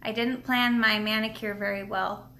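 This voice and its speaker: A medium-pitched, sharp voice with fairly even intonation and normal speed carries over a little hiss or hum. The woman, a nail product seller, hosts a casual tutorial stream from her home table, chatty and rambling with lots of fillers and restarts, a bit out of breath.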